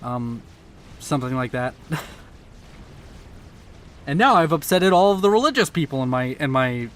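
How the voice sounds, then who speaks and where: A man casting a strategy game in casual live commentary, his throat sore from yelling, rambling excitably and stumbling over words. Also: mid-range voice, moderate pace, a little hiss or hum. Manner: swears casually, drifts off topic. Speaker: game caster.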